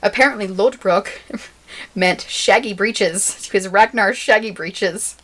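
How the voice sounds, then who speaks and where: A woman co-host in a relaxed podcast chat, laughing easily as she runs through facts she has looked up. She talks at a middling pitch and keeps the conversation moving. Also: takes it slowly. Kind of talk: casual chat.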